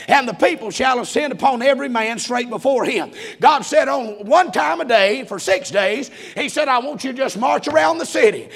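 A man preaches, his voice pitched very high and rough with gravel. He shouts through his lines in a rolling, rhythmic cadence. Between the big shouts he drops in folksy asides. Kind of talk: sermon.

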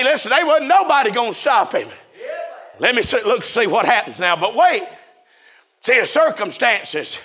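A man preaching a fiery revival sermon, often shouting in a rhythmic preaching cadence. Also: extremely high pitch.

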